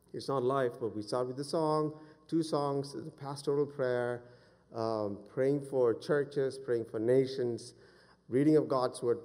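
A man in his forties preaching a sermon as a pastor, moving between loud fervent exhortation and quiet personal storytelling. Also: mid-range voice. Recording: long hall reverb.

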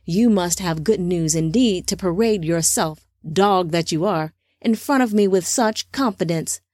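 A woman voicing a haughty male overlord on a throne, speaking low, slow and scornful, in an audiobook. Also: a little mellow, no echo, clean studio sound.

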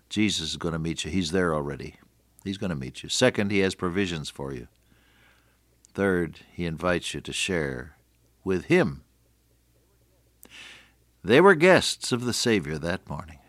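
Male radio preacher, deep voice, earnest sermon delivery, repeats key lines. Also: a bit bright, no echo. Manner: earnest, repeats phrases for emphasis.

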